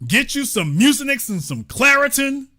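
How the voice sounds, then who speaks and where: A man hosts a live call-in program, his voice sitting high and swinging widely as he drives each point home. He talks in an emphatic, mocking way, repeating phrases like a preacher building to a point, with a bright, sharp tone throughout. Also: very animated, normal speed. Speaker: host. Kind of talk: live call-in show commentary.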